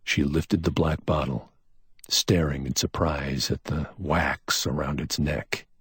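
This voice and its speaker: A man narrating a crime story in a measured, dramatic storytelling manner, recorded on a close mic. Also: rumbling low, husky, no echo. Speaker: audiobook narrator. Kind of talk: scripted narration.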